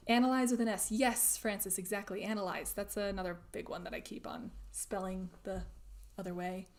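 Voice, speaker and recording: A young woman hosting a crafting livestream, chatting casually while reading viewer comments, laughing often and trailing into soft asides. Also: mid-range voice, steady tone, normal speed. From grew up speaking German at home in the US. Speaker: crafting channel host.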